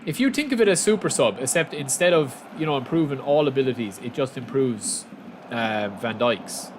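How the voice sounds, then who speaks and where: A man's voice: medium pitch, normal speed, noisy background. Chatty Irish man commentating his game. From south of Ireland. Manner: chatty, bursts into excited shouts. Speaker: streamer. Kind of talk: casual gameplay commentary.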